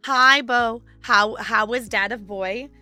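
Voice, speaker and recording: Woman, streamer, casual chat, strained squeaky voice, bright tone, giggly rambling, soft music behind. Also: takes it slowly.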